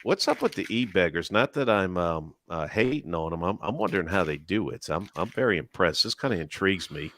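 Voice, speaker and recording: A man's voice: sits low, expressive, a little fast, fairly bright tone. A man on a live chat show, telling stories and teasing the others, joking and profane. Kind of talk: casual chat.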